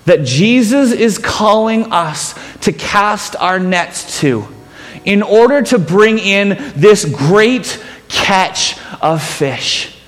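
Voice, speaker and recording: Man, pastor, sermon, self-mocking storyteller, high-pitched, long hall reverb.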